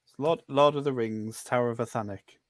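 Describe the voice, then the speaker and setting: A man's voice: medium pitch, a little fast. A man on a live stream panel, chatting with enthusiasm and joking along. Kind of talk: casual group chat on a live stream.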